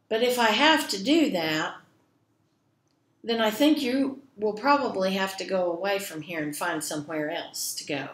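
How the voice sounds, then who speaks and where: A woman voicing a big billy goat who speaks calmly and firmly. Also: medium pitch, natural voice. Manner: calm, firm and unhurried. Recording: echoey room.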